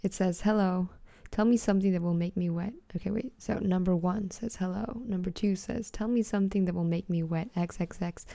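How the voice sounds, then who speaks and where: A woman's voice: fairly low pitch, fairly even intonation, a little fast, vocal fry, few pauses, dark tone, no echo. A teenage girl hosting a casual solo podcast, reading texts aloud in a giggly, blunt way and swearing freely. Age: teens. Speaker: podcast host.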